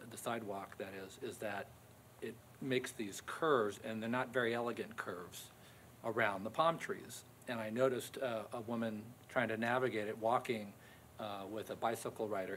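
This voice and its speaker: Low-voiced man slowly asking a question. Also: a bit bright, a little hiss or hum. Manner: slow, careful, searching for words. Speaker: city commissioner. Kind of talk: question at a public meeting.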